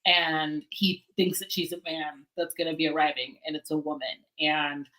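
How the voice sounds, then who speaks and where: Bright, animated woman chatting about books. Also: sits low, normal speed, a little hiss or hum, rough recording. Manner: animated, laughs often, trails off and restarts. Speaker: book blogger and guest co-host. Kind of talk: casual livestream chat.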